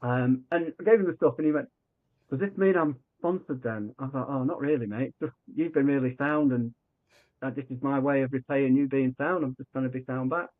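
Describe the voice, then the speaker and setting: Brisk and mid-range, this man's voice reaches us over a tinny remote line that resembles a phone call. As a podcast guest he tells a story in a chatty way, lively throughout, performing quoted speech and restarting his sentences a lot.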